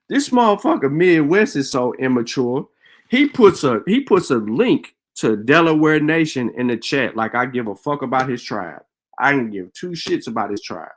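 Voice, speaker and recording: Man, live stream rant, profane, combative, high animated voice.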